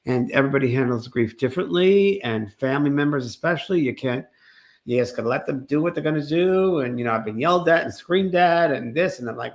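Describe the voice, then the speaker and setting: Male co-host, medium pitch, earnest and rambling, under the weather. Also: lively intonation, a little fast. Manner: earnest, rambling with many restarts. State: sick. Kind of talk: casual spiritual talk show chat.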